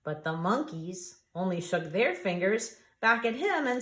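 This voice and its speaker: A woman reading a picture book aloud to young children, taking her time and lingering over the words. Her pitch swings widely as she tells the story, and she invites the listeners to join in. The sound has the echo of a roomy space. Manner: expressive, drawn-out, asks listeners to join in. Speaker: storyteller for a preschool. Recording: echoey room.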